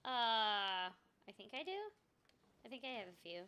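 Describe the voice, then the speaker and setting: A woman's voice: medium pitch, animated, unhurried, sharp tone, a little hiss or hum. A young woman voice actor chatting casually while playing a game, muttering to herself and joking about her own confusion. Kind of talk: casual gameplay chat.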